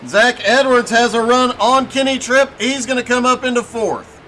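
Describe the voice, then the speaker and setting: A man doing brisk play-by-play commentary on a sim race, with a voice he says is giving out. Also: very high voice, steady tone, bright, forceful tone, soft background music. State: losing his voice.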